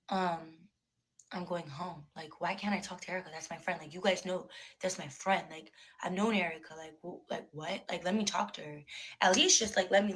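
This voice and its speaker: A young woman, a former reality show contestant, tells her story in a clip, animated and profane as she acts out the back-and-forth exchanges. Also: fairly low pitch, poor audio.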